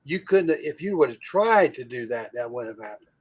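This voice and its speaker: Halting male host musing aloud. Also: mid-range voice, expressive, breathy edge. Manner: halting, trails off and restarts mid-thought. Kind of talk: casual chat.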